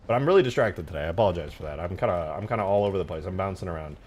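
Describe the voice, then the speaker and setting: A man's voice: low voice, animated, racing, darkish tone. A man in his twenties chatting casually on a live stream, rambling and swearing through slangy stories. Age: 20s. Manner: rambling, profane storytelling with slang.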